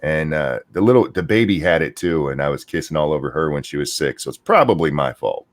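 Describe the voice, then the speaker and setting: Deep-voiced older man with a chest cold. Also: lively intonation, fairly quick. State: sick with a chest cold, trouble talking. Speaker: podcast host. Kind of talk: casual live-stream chat.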